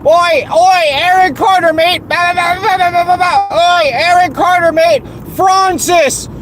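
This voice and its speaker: A man doing a high, chanting, mock-Australian voice-chat loudmouth. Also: fairly even intonation, measured pace, a crowd in the background. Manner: high mocking singsong chant. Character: mocked male voice-chat regular chanting nonsense.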